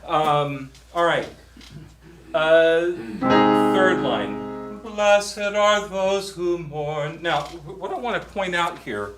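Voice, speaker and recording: Guy teaching psalm chanting in a church, talks slow, bit high voice, lots of ums, echoey room with a little piano. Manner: chatty, halting, many fillers and restarts. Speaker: workshop presenter on psalm chanting. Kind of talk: teaching a choral workshop.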